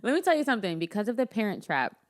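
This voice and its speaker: Young woman, podcast co-host, bubbly and rambling, very animated pitch. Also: rapid-fire. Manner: bubbly, laughs often, rambling. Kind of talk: casual chat.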